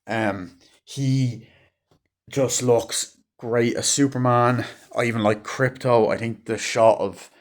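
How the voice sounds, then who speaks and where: A man's voice: mid-range voice, fairly even intonation, slow. A man in his twenties rambling in a casual vlog at home late at night, swearing often and drifting off on tangents. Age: 20s. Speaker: movie vlogger. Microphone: phone camera.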